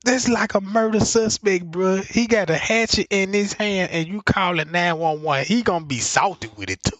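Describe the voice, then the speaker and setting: A man streaming, riffing casually with slang and frequent laughter in an animated way. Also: high voice, normal speed, no echo.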